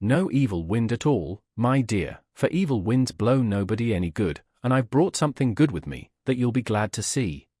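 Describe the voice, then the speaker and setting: A man's voice: medium pitch, big pitch swings, moderate pace, few pauses, warm tone, dry recording, studio quality. A man voicing a cunning, wheedling old male thief master who fawns on others, in an audiobook reading. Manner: wheedling, says "my dear".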